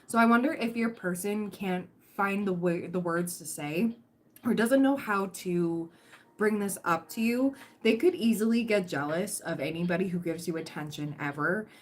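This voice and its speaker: Speaking at a moderate pace in a rather low voice, a woman delivers a reassuring tarot reading on a livestream. She chats casually, using lots of fillers and starting over often, while her throat sounds dry and catches.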